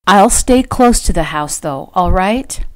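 A woman's voice: on the low side, expressive, unhurried. A woman voicing a spirited young heroine, a character in her own audiobook novel. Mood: earnest.

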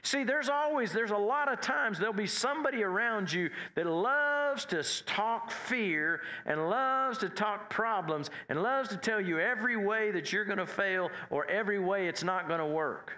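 Folksy preacher man with a bright voice. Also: lively intonation, moderate pace, hardly any pauses. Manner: folksy, repetitive, builds in pitch and force as he preaches. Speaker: pastor. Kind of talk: sermon.

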